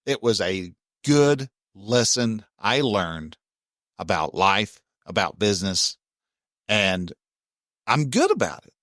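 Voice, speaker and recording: A man's voice: on the low side, big pitch swings, slow pace, fairly bright tone, no room sound, studio quality. A man, hosting a casual self-help talk in a plainspoken, folksy way with mild cursing. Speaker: self-help podcast host.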